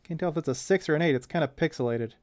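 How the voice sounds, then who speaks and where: A man's voice: fairly high pitch, very fast, darkish tone, dry recording. A man in his thirties reading a comic aloud and commenting on it in a chatty way, with wry asides.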